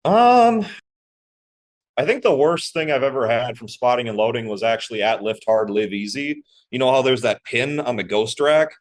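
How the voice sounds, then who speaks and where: A man's voice: medium pitch, lively intonation, normal speed. Hesitant, rambling man. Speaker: podcast guest. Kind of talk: casual chat.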